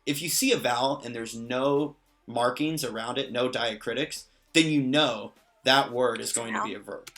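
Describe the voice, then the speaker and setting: Bright-voiced man teaching a lesson. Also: mid-range voice, normal speed, hardly any pauses. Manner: patient, explanatory, lightly joking. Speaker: language teacher. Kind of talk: casual lesson explaining a constructed language.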